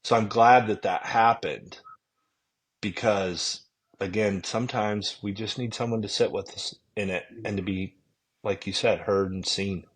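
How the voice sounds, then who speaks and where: A man speaking gently and reflectively in casual conversation, often trailing off. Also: fairly low pitch, steady tone, unhurried, slightly rough.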